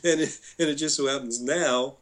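An older man chats as a guest on a podcast, spinning business anecdotes. He quotes other people and chuckles as he goes. His voice sits at an ordinary middle pitch. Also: moderate pace. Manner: storytelling, quoting others, chuckling. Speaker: guest entrepreneur. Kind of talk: conversational podcast interview.

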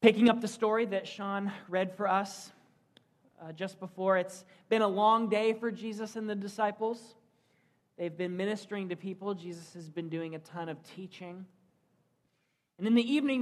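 Brief: male pastor, earnest storytelling sermon. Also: high voice. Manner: earnest, storytelling delivery with rhetorical questions.

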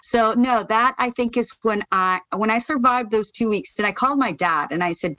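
A middle-aged American woman from Pennsylvania, a charity founder telling her story as a podcast guest, lively and emphatic, jumping up in pitch when she gets fired up. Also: normal speed, hardly any pauses, no room sound. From United States. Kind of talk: casual interview storytelling.

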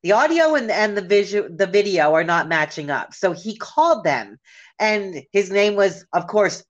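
A woman's voice: medium pitch, expressive, normal speed, highs cut off. A woman co-hosting a podcast in casual chat, joking and telling stories. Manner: joking, storytelling. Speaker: podcast co-host.

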